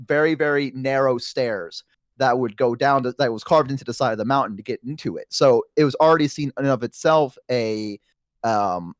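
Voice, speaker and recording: A man guest on a chat stream, telling a long story in an animated, rambling way, acting out voices. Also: medium pitch, dry recording, studio quality. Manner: rambling, self-conscious asides.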